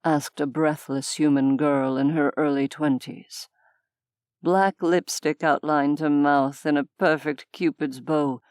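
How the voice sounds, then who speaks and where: A woman narrating an audiobook in a measured, even storytelling manner. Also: low-pitched, clean tone, no room sound, studio quality. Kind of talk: scripted narration.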